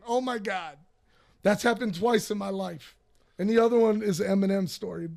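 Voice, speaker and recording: A man from Detroit with a Detroit accent, hosting a podcast and telling profane, animated stories in a casual way. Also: high-pitched, moderate pace, vocal fry. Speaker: podcast host. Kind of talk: casual storytelling.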